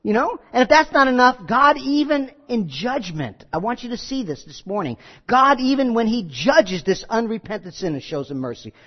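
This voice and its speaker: Preacher, male, high lively delivery, dull lo-fi recording with a long hall echo. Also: moderate pace, few pauses. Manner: animated preaching, acts out quoted voices. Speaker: pastor. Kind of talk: sermon.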